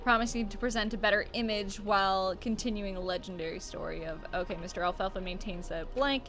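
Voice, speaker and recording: A woman's voice: mid-range voice, brisk, fairly bright tone, faint music behind. Casual woman streamer summarizing game text. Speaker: streamer, host. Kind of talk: casual gaming stream chat.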